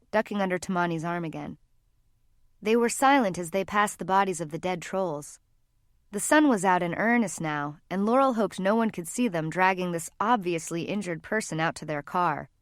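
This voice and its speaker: Audiobook narrator, woman, even storytelling delivery, close and dry. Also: on the low side, no echo. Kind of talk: scripted narration.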